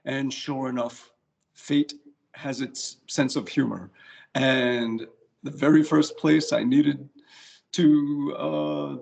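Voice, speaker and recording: A man's voice: medium pitch, flat delivery, slow pace, vocal fry, a little mellow. A middle-aged man with a New York accent, answering interview questions in a chatty, self-deprecating way. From United States. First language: English. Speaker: guitarist, interview guest.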